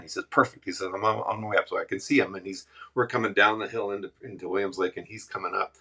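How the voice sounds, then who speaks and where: A man, a musician guest, casually telling animated road stories and acting out the people in them. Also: sits low, fast, vocal fry, few pauses, slightly rough. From Western Canada. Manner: animated, laughing anecdotes with acted quotes. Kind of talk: casual storytelling.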